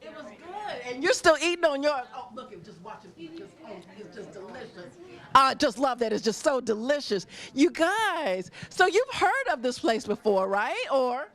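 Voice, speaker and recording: Woman, high voice, swooping lively pitch, effusive roving host in a restaurant. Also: normal speed. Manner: effusive, gushing, laughs often. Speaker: roving host interviewing diners. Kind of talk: live stream chat.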